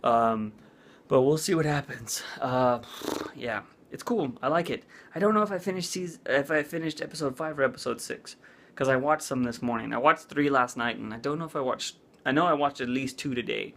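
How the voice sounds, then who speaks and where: A man's voice: medium pitch, lively intonation, brisk, a bit bright, a little hiss or hum. A man vlogging in a casual chat, rambling with lots of "like" and "uh". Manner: rambling, full of "like" and "uh".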